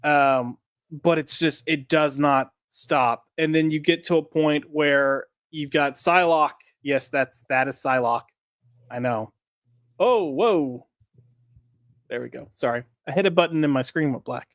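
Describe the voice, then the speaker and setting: Sarcastic male co-host on a comics podcast, somewhat high voice, dry close sound. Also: unhurried, a bit bright, no echo. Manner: sarcastic, mocking reading. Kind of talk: casual chat.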